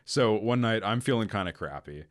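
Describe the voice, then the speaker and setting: Young man telling a story, low voice. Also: moderate pace. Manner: animated storyteller, swears freely. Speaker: podcast co-host. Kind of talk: casual podcast storytelling. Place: podcast recording room.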